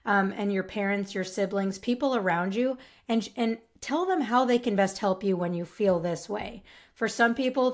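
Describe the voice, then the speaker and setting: A young adult woman hosting her own podcast, talking casually and earnestly, reassuring listeners and often checking in with "right?". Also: medium pitch. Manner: earnest and reassuring, with frequent "right?" tag questions. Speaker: podcast host. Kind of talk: casual solo podcast advice.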